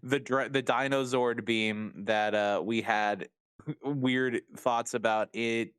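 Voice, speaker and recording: Guy on a podcast, smooth clear voice, dry close sound, laid back recap chat. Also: mid-range voice, steady tone, slow pace, fairly bright tone, dry recording. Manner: loose, laughing often, swears casually. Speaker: podcast co-host.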